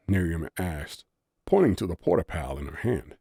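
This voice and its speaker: A man narrating an audiobook story in a low-key, softly spoken manner. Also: lively intonation, moderate pace, slightly rough, no echo, studio quality.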